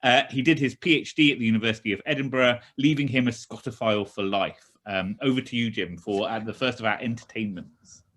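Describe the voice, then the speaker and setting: A man hosting an online event, introducing a guest in a halting way with many fillers and restarts. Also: mid-range voice, fairly bright tone. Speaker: event host. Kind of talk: hesitant casual introduction. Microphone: video call.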